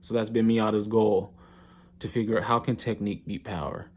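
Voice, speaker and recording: A man casually recapping an anime episode, telling it with animated slang. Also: lowish voice, moderate pace.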